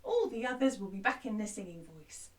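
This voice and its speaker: A woman's voice: medium pitch, sing-song, fairly quick, far from the mic. A woman teaching a children's music lesson who sings an action song and cheerfully explains each step. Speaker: primary school music teacher.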